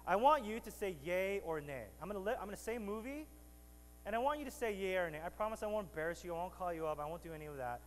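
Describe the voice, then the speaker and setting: A man's voice: high voice, lively intonation, quick pace, long reverb tail, a little hiss or hum, low-quality recording. A man preaching a sermon to his congregation in a church, bantering with them and rising to emphatic preaching. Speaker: pastor. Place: church sanctuary.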